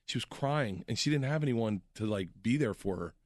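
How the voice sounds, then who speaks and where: A man's voice: mid-range voice, fairly quick, no room sound, studio quality. A man in his forties telling wild stories in a casual chat, laughing often and acting out what people said. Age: 40s. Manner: animated, laughing storyteller acting out quotes.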